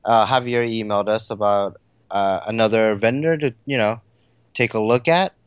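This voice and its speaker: 一位男性播客联合主持人，随意闲聊，说话啰嗦，常带填充词，笑声不断。. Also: male voice, on the low side, normal speed, smooth, no room sound, highs cut off. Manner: rambling, filler-heavy, laughs easily. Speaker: podcast co-host. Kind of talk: casual chat.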